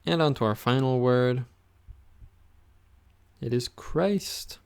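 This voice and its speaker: A man teaching a pronunciation lesson, saying each word slowly and repeating it so the listener can follow along. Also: mid-range voice, vocal fry, darkish tone. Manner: slow, patient, repeats words for the listener. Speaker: language teacher.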